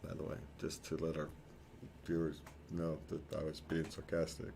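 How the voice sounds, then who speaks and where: Guy with a low voice just chatting, rambly, laughs at himself, bit of hiss in the background. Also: monotone, moderate pace, vocal fry, dark tone. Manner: rambling, self-correcting, chuckles often. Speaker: podcast co-host. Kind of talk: casual chat.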